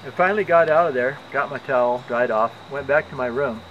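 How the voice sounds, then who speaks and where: An older man talks from a hospital room, sore and worn after surgery. He rambles through his story with indignant asides, his voice sitting at an ordinary middle pitch. Faint crickets and insects hum behind him. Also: fairly quick, lo-fi sound. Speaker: patient telling his story. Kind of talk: casual storytelling to camera.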